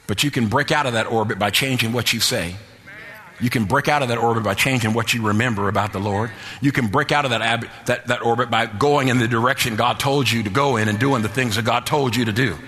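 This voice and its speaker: A man preaching a sermon in a rhythmic, repetitive style that builds to shouted, half-sung peaks. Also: medium pitch, brisk, breathy edge. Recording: long hall reverb.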